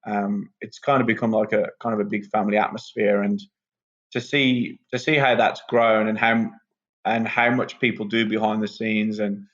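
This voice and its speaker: A wrestler, relaxed and rambling with lots of ums, chatting as a guest on a podcast. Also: male voice, on the low side. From England. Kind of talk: casual podcast interview. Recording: muffled lo-fi sound.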